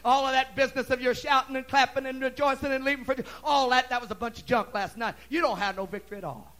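High sneery devil voice, a preacher putting it on, quick and mocking. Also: male voice, fairly even intonation, pushed and bright. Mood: scornful. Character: taunting male devil, scornful and dismissive.

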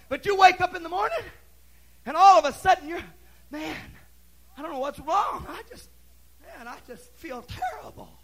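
A middle-aged man preaching an impassioned sermon, folksy and repetitive, swinging between loud cries and quiet asides. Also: very high voice, rough recording. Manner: folksy, repeats "Hallelujah" and "Praise God". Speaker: pastor.

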